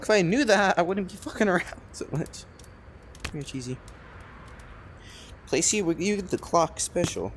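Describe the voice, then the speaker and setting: A man giving let's-play commentary, rambling and excitable, swearing often and talking to himself as he plays. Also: high-pitched, normal speed, long pauses, a little hiss or hum. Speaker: gamer playing a cooking game.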